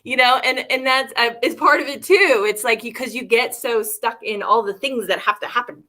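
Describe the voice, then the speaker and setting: A woman's voice: fairly high pitch, normal speed, bright, forceful tone. A woman co-hosting a candid leadership talk, speaking reflectively, often laughing and restarting her thoughts. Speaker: leadership coach and co-host. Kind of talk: candid casual conversation.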